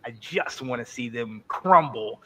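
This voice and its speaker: A man in his forties from North Carolina, co-hosting a podcast, telling animated sports stories in a casual chat with frequent repeated words. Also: mid-range voice, unhurried. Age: 40s. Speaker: podcast co-host.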